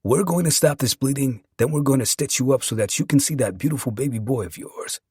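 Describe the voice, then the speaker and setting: A man voicing a calm male doctor in a spoken story, even and reassuring. His husky voice sounds dry and close, with no room around it. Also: medium pitch, a little fast, dry recording.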